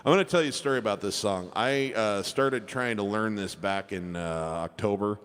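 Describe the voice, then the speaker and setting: A man's voice: fairly low pitch, normal speed, fairly bright tone, clean tone. A man, a piano entertainer, telling a chatty, rambling story between songs at a live show. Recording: long reverb with piano music.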